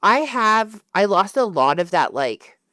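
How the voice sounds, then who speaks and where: A woman co-hosting a podcast in casual chat, telling animated stories full of acted-out quotes and frequent laughter. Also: medium pitch, a little slow, no echo, studio quality. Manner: animated storyteller who acts out quotes and laughs often. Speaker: podcast co-host.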